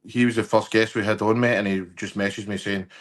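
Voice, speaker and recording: A man hosts a relaxed football podcast. His voice sits a little low. He asks his questions in a rambling, friendly way. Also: fast talker. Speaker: podcast host. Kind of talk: casual interview chat.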